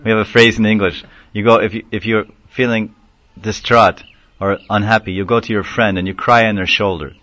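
Low-voiced man giving a devotional lecture. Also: a little fast, no echo, lo-fi sound. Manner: animated storyteller, acts out quotes, chuckles often. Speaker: spiritual lecturer.

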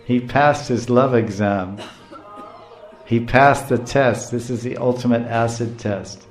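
A man's voice: medium pitch, slow, faint music behind. Male preacher, storytelling lecture, laughs often, explains words, roomy echo. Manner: animated, chuckling, explains terms.

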